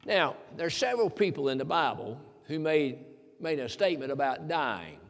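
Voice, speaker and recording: A man with a slightly high, very animated voice speaks at normal speed, with long hall reverb on the recording. He preaches a sermon in a folksy, emphatic style, quoting scripture from the King James Bible.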